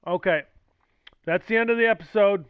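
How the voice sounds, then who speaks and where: A man casually commenting while streaming a video game, excitable and joking, yelling hype at plays. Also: high voice, fairly quick, clean tone, no room sound, muffled recording. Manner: joking, self-mocking.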